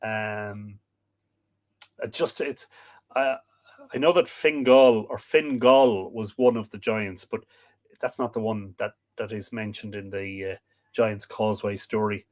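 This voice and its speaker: A man's voice: fairly low pitch, fairly even intonation, a little mellow. Irish man hosting a myth livestream. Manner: slow dramatic verse reading; chatty, hesitant asides with fillers. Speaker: host. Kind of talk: livestream reading and commentary.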